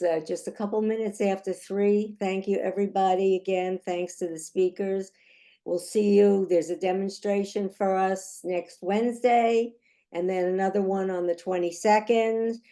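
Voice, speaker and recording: A woman chairing an online union meeting who says she is losing her voice, closing with announcements in an unhurried way with frequent fillers. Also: lowish voice, mellow.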